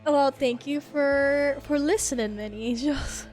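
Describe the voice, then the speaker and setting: A woman's voice: sits high, a little slow, a little mellow, faint music behind. A woman streamer in casual chat, swearing, laughing and reading chat messages aloud.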